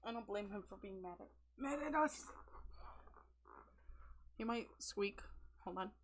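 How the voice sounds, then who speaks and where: A woman's voice: animated, a little slow, slight background noise. A woman hosting a casual livestream, chatting and giggling often and cooing at her pets. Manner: giggly, coos at her pets in a high baby voice. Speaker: livestream host.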